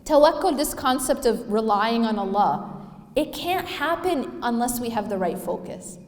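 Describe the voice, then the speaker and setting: A woman's voice: on the high side, lively intonation, moderate pace. A woman giving a religious lecture to a live audience, emphatic and asking rhetorical questions. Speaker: Islamic speaker. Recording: echoey hall with long reverb.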